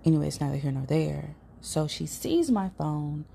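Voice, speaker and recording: A woman's voice: sits low, normal speed, creaky, warm tone, slight background noise. A woman with a St. hosting a podcast, telling a personal story in a chatty, casual way, swearing now and then and sometimes dropping to a whisper. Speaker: podcast host.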